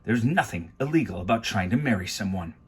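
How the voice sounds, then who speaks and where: A man's voice: fairly low pitch, animated, brisk, a little mellow, husky. A man reading aloud, voicing a scheming male villain who makes insistent threats. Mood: menacing. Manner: menacing, insistent.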